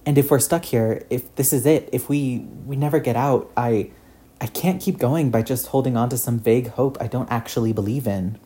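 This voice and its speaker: A man's voice: mid-range voice, normal speed, mellow, lightly acted. A man voicing an earnest, shaken teenage boy hero who stammers and restarts his sentences.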